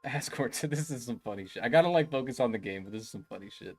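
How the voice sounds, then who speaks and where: A young man livestreaming a game, chatting loosely and joking with his viewers as he plays. His voice sits at an ordinary middle pitch. Faint game music runs in the background. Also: animated, fast talker, few pauses. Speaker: game streamer. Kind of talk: casual live-stream commentary.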